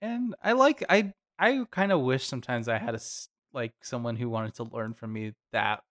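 A man hosts a podcast in a relaxed, chatty way. His voice sits at a middle pitch, and he talks animatedly with quick asides. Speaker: podcast co-host. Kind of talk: casual chat.

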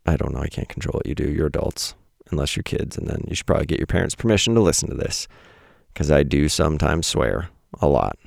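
Reading his own weekly writing to listeners, this man in his thirties talks fast in a very deep, gravelly, slightly mellow voice. He's casual and wry, makes fun of himself and throws in blunt asides. It's a dry, studio-quality recording.

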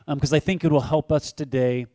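A man pastor preaching in a relaxed, conversational way, with frequent fillers. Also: fairly high pitch, a little fast, no echo. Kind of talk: sermon co-hosting.

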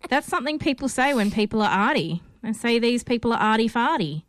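A woman's voice: on the high side, animated, a little fast, no room sound, studio quality. An Australian woman hosting a casual film podcast, chatty and rambling with lots of ums and restarts. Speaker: podcast host.

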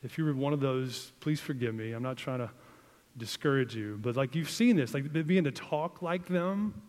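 Conversational preacher in a reverberant hall. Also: male voice, mid-range voice, normal speed. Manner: conversational preaching, lots of "like", rising to emphatic and dropping to hushed. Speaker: pastor. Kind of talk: sermon.

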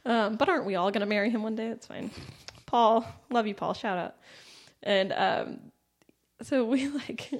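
Animated young woman telling a story. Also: on the high side, normal speed. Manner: animated, laughing storyteller acting out quotes. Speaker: comedian guest. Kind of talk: casual storytelling chat.

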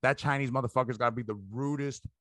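A man with a bright, forceful voice talks in a loose, profanity-heavy ramble, piling up asides as he tells comic stories. His voice is recorded dry and close, with no room sound. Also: medium pitch, fast talker, no echo. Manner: rambling, profane, animated storytelling. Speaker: stand-up comedian, podcast guest. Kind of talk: casual comedic chat.

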